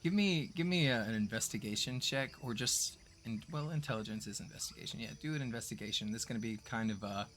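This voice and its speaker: A man running a tabletop game as game master, who narrates in a relaxed, rambling way with lots of fillers. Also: mid-range voice, fast talker, few pauses.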